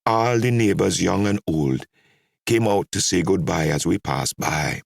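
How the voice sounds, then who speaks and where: Low, gravelly male narrator for a scripted audiobook, dry close sound. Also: measured pace, dry recording.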